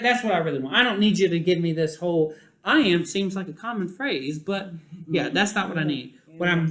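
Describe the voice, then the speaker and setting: A man teaching a classroom Bible lesson, speaking deliberately and stretching key words for emphasis. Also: high voice, fairly bright tone, echoey room.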